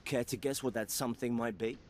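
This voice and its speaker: An actor playing an excitable male Imperial schemer in a video game, pitching a plan with eager glee. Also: fast talker, slight background noise, close to an everyday voice. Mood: scheming. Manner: eager, gleeful salesman pitch.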